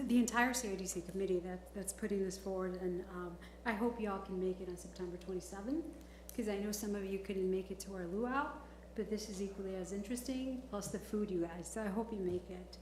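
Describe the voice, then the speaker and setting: A woman's voice: mid-range voice, darkish tone. A woman from Chicago, a village trustee, speaking chattily at a board meeting and often breaking into laughter. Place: council chamber. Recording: roomy chamber audio, faint noise.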